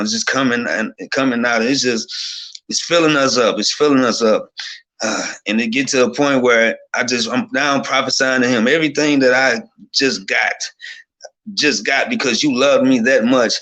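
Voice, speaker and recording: A man sharing an emotional personal testimony, excited and rambling, often repeating himself. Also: on the low side.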